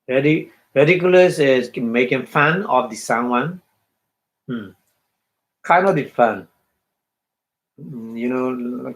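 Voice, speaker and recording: A man giving a dharma talk as a Buddhist meditation teacher, halting, repeating phrases and checking in with his listeners. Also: mid-range voice, fairly bright tone, rough recording.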